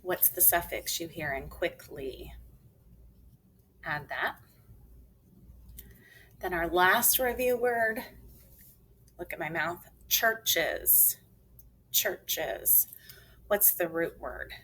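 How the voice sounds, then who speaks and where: A woman teacher talks very slowly and deliberately, sounding out words and spelling them letter by letter for young learners. Her voice sits fairly low, and faint background noise runs under the recording. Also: a bit bright, rough recording. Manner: slow, clearly enunciated, spells letters aloud. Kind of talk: phonics lesson for children.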